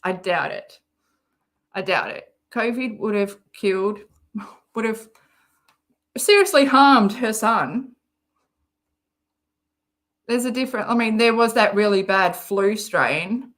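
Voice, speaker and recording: A woman's voice: mid-range voice, slow, pauses often, a bit bright. A woman with an Australian accent chatting casually on a livestream, reading out viewer comments between giggly, rambling asides. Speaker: livestream host reading chat.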